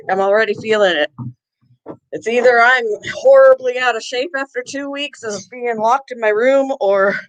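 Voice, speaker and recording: A woman's voice: fairly high pitch, moderate pace, dull audio. A woman hosts a casual livestream from her home and talks in a loose, rambling way as she heads up and down the stairs. She is winded and breathing hard between phrases, with an occasional cough. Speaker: livestream host.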